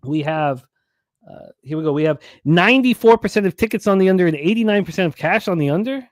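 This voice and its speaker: A man's voice: sits high, animated, fast, dry recording, clean studio sound. A man hosting a sports betting show, reading out odds, lines and stats. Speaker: host.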